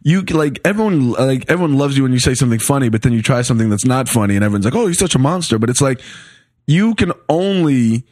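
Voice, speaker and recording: Animated, profane male comedian. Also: mid-range voice, quick pace, no room sound, clean studio sound. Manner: animated, profane, explains with rhetorical asides. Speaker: comedian, podcast guest. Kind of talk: casual podcast chat.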